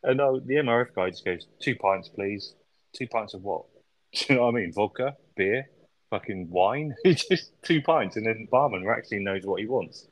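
A man's voice: mid-range voice, lively intonation, brisk, poor audio. A man co-hosting a podcast, chatting casually about a film, recapping scenes and swearing freely. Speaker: podcast co-host.

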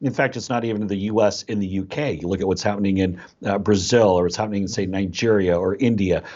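A man's voice: fairly low pitch, fast talker, darkish tone, breathy edge. A man answering interview questions in an assured, pointed manner, over dull lo-fi audio. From United States. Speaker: guest.

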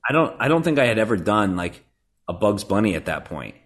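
A voice actor from Nebraska chats casually as a podcast guest, his voice on the low side, sing-song and fairly quick. He rambles and pokes fun at himself, filling his speech with fillers and restarts while a crowd murmurs in the background.

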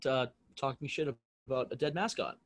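A man's voice: medium pitch, brisk. A man in his twenties co-hosting a podcast at home, teasing his friends, laughing often and swearing freely in casual banter. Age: 20s. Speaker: podcast co-host. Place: home room.

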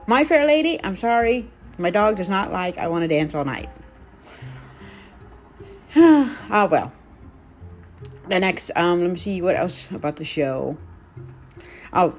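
A woman with a low voice hosts her own solo podcast, talking in a loose, chatty way. Her pitch leaps and dips expressively as she goes, and she fills pauses with plenty of ums. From United States. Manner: chatty and animated, lots of ums. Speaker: podcast host. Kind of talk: casual solo podcast chat.

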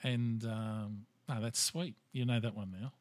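Laid-back Australian podcast host, dry sound. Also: male voice, lowish voice, measured pace, no echo. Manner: relaxed, easygoing and chatty. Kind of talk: casual interview chat.

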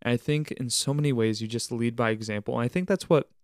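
Talking fast in a medium pitch, a young podcast co-host reflects casually on camp staff, setting an example, and living out faith daily. He's earnest and somewhat sermonizing, using churchy phrasing, and the recording is dry and studio-quality.

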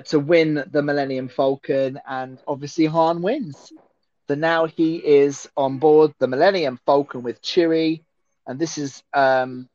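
A man's voice: medium pitch, darkish tone, no room sound, dull audio. A man hosting a casual, jokey watch-along chat and reading out viewer messages. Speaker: host.

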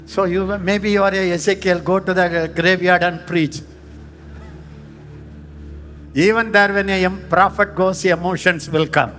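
A man with an Indian English accent preaching a sermon, emphatic and dramatic, swinging between loud and hushed. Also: steady tone, moderate pace. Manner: emphatic, dramatic shifts in pitch and volume. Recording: long hall reverb with faint music.

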